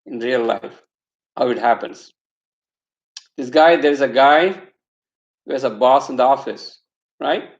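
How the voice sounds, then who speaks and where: Ein Mann mit indischem Akzent hält einen spirituellen Vortrag und erzählt anschaulich eine Lehrgeschichte. Seine Stimme ist leicht knarzig, der Raum klingt hallig. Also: male voice, medium pitch, unhurried, long pauses. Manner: storytelling, acts out quotes, rhetorical asides. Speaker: spiritual teacher. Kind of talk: satsang talk with storytelling. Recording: echoey room, slightly dull sound.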